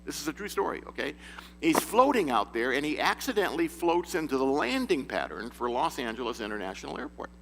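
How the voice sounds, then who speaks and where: A man's voice: on the high side, big pitch swings, a little fast, gravelly, fairly bright tone. A man giving an informal sermon to a men's group, telling stories in a folksy way with chuckles and false starts. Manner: folksy storyteller, chuckles and restarts often. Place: church meeting room. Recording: echoey hall with faint hum.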